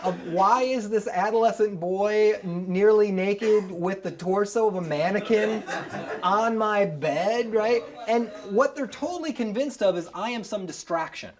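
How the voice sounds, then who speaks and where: A man telling a personal story on stage, animated and self-mocking, with lots of chatty asides. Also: high voice, a little slow. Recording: live audience laughter audible.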